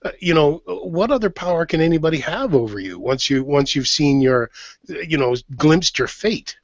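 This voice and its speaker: A man's voice: on the high side, lively intonation, moderate pace, no room sound. A man on a TV discussion panel, adding hesitant remarks about a series. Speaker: podcast panelist. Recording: dull lo-fi sound.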